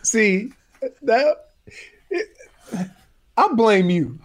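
Sports radio co-host, ribbing partner, lively pitch, casual talk. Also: extremely slow. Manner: teasing, laughing.

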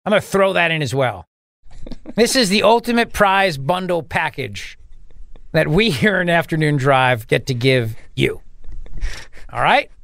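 A male radio host with a fairly high voice who rambles through sarcastic bits and keeps laughing at his own jokes. He is recorded close on a dry studio microphone. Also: lively intonation, measured pace, creaky, pauses often, fairly bright tone, dry recording. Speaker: radio talk show host. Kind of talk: joking radio banter.

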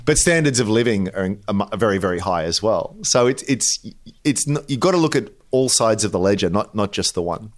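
Australian man, halting podcast chat. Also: fairly low pitch, expressive. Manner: thinks aloud with frequent restarts and repeated words. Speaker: podcast co-host. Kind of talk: casual chat.

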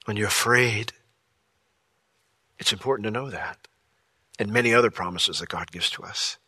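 Bright-voiced man preaching a sermon. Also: lowish voice, moderate pace, slightly rough, no echo. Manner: lively, conversational, with jokey asides and acted-out quotes. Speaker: pastor.

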